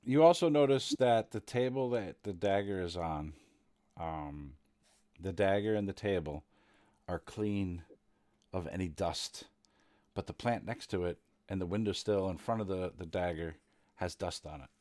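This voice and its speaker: A man narrating as game master of a tabletop game, halting with many fillers. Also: sits low, darkish tone.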